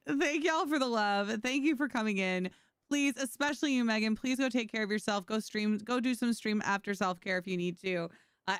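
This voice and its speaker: A woman's voice: a little high, fairly bright tone, clear, resonant tone, no room sound, clean studio sound. A woman streamer chatting casually with her viewers while playing, telling stories and laughing often. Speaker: game streamer. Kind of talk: casual livestream chat.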